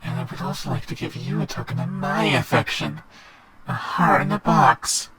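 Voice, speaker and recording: A man's voice: mid-range voice, animated, normal speed, a loud crowd, lightly acted. A man voicing a male serpent monster who speaks as a theatrical romantic suitor. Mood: courtly.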